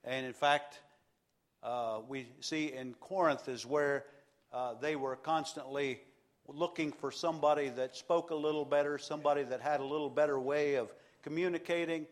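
A man's voice: a little high, fairly even intonation. Earnest preaching man. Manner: earnest preaching with repeated phrases and emphatic pauses. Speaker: pastor. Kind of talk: sermon.

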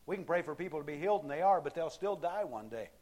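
A man's voice: fairly high pitch, animated, quick pace, a little mellow. A man preaching a sermon as a pastor, in a conversational way full of rhetorical questions.

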